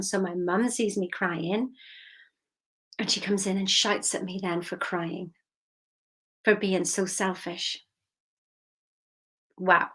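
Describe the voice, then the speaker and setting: A woman's voice: lowish voice, fairly even intonation, a little slow, a bit bright, husky. A woman giving a motivational talk, telling a story in a chatty way and asking listeners questions. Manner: chatty, asks the listener questions, drops to a whisper for emphasis. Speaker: motivational coach.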